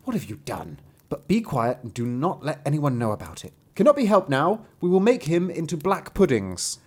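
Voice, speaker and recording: A man voicing a scheming mother in a fairy tale, calm and matter-of-fact. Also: a little high, moderate pace, husky, voice pushed up.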